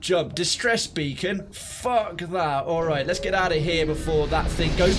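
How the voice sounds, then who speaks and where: Man in his twenties or thirties, somewhat high voice, live game commentary, swears and talks through his moves. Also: a little slow, hardly any pauses, faint music behind. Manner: animated, swearing, thinks aloud. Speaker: streamer.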